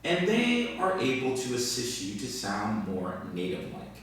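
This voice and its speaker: A man teaching English in a video lesson, explaining slowly and deliberately and repeating key words. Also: mid-range voice, wildly swooping pitch, slight background noise. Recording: echoey room, distant from the mic.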